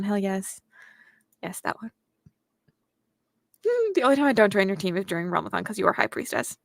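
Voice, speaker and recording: A woman's voice: mid-range voice, vocal fry, a bit bright, no room sound. A young woman hosting a casual reading livestream, reading viewer comments aloud and chatting back to them. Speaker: booktuber host reading chat aloud.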